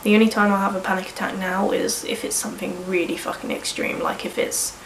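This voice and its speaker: A woman's voice: mid-range voice, little pitch movement, brisk, roomy sound, slight background noise, low-quality recording. A woman in her early twenties with a cold, vlogging in a frank, rambling way and swearing casually. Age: early 20s. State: sniffly with a cold. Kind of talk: candid personal vlog.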